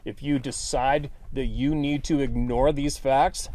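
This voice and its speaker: A man at an ordinary middle pitch hosts his own channel in a casual monologue. He talks bluntly and sounds frustrated, dropping the odd swear word as he addresses his viewers directly. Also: steady tone, a little slow, darkish tone, slight background noise. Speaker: channel host.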